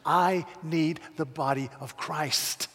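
A man preaching a sermon with passion, swinging between loud calls and hushed, pleading lines. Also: a little high, steady tone, takes it slowly, in a large hall. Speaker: pastor.

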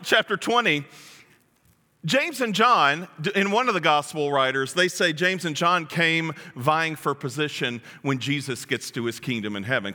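A male pastor preaching a sermon in a joking, animated way, acting out the quotes he reads. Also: on the high side, big-room sound. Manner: jokey, animated, acts out quotes.

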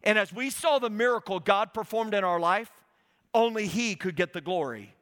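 A middle-aged man preaching a sermon as a guest speaker, animated and storytelling, acting out his talks with God. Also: sits high, normal speed. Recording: reverberant hall.

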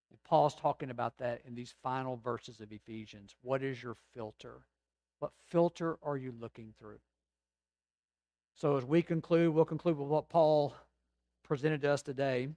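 Preaching man with a higher voice. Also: no room sound. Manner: preaching with emphatic swells and quiet, slow reflective stretches. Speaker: pastor. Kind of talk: sermon.

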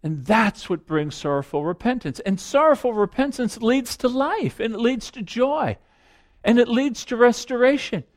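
A middle-aged man preaches with a fairly high voice. He speaks earnestly and reflectively, pausing and repeating phrases to drive a point home. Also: animated. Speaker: pastor. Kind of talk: sermon.

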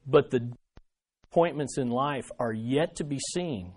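A pastor preaches a sermon to his congregation in a mid-range voice, a little slow. He shifts from loud emphasis to quiet, earnest asides and puts rhetorical questions to his listeners.

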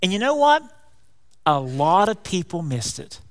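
A man preaching a folksy, animated sermon, calling his congregation y'all. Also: high-pitched, measured pace. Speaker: pastor. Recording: long hall reverb.

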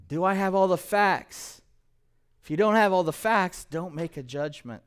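Male pastor, sermon delivery, animated, quizzes the room, fairly high, resonant voice. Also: moderate pace, smooth. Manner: animated, quizzes the congregation with questions. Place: church, in front of a congregation.

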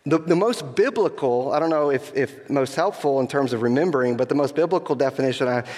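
A man's voice: mid-range voice, brisk, darkish tone. A middle-aged man preaches to his congregation, earnest and direct, asking questions and leaning hard on key phrases. His voice sits mid-range for a man and carries a long reverb from the large church room around him. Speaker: pastor. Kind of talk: sermon. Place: church sanctuary.

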